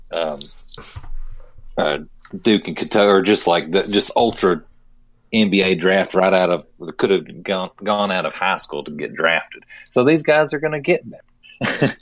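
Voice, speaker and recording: Low-voiced man rambling in dry sound. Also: lively intonation, no room sound. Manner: rambling, halting, many restarts. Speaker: podcast co-host. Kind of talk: casual sports chat.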